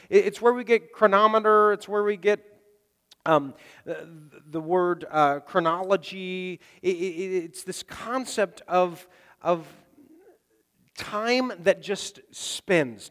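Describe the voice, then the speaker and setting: A man preaching a sermon, animated, acting out the people in his stories and sometimes dropping to a near whisper. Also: high-pitched, slow. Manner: animated, acts out voices in quotes, drops to near whisper. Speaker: pastor. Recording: long reverb of a hall.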